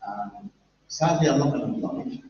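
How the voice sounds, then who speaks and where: Animated and mellow, this medium-pitched man in his 50s from London speaks at a moderate pace. He's a guest speaker at an industry event, delivering a chatty, jokey conference talk to a live audience and talking with the crowd. The sound from the large event room is echoey, muffled and distant, with faint noise.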